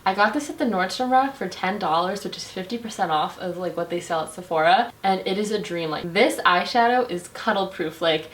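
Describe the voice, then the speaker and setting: A young female beauty vlogger reviews her favorite makeup in a bubbly, chatty way, saying "like" constantly. Her voice sits on the low side, and she talks a little fast with hardly any pauses.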